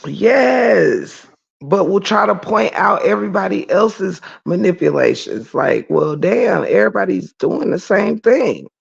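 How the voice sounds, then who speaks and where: A man rants bluntly on his livestream, swearing freely and answering his chat. His voice is gravelly, and his pitch swings widely. The audio sounds dull and lo-fi. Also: lively intonation, unhurried. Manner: blunt and profane, shouts in laughter. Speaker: livestream host reading chat. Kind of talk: casual livestream rant.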